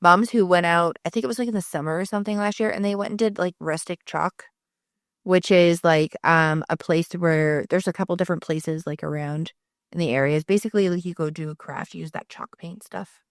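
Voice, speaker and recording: Chatty woman telling animated stories. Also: on the low side, brisk, no echo, clean studio sound. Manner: chatty storyteller, acts out friends' quotes, lots of "like". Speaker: podcast co-host. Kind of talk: casual chat.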